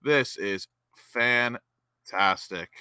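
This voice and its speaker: Young man, football fan watch-along host, bright forceful voice, crisp, dry close sound. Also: medium pitch, very slow, no room sound. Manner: excitable fan, cheering and shouting at goals.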